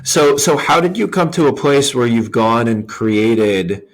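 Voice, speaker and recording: A man's voice: mid-range voice, lively intonation, unhurried. A man hosting a podcast, sharing thoughts and asking long, friendly, rambling questions. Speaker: podcast host. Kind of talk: casual interview conversation.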